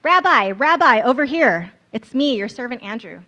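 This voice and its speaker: A woman voicing an excited male fisherman disciple who shouts eagerly across to a crowd, in a narrated Bible story. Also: a little high, normal speed, highs cut off, voice pushed up.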